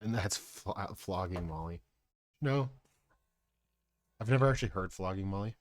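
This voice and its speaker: A man's voice: sits low, normal speed, no room sound. A man streaming live as he paints miniatures, rambling casually, mocking himself and swearing freely into a close desk mic.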